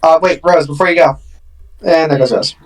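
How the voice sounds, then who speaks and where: A man's voice: a little high, moderate pace. A man running a tabletop game as dungeon master, narrating in a rambling, playful way. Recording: voice far from the mic.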